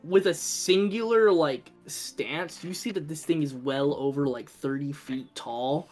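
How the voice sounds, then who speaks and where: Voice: medium pitch, a little slow, darkish tone, soft background music. A game master narrating a tabletop game in a chatty, loose way with many fillers.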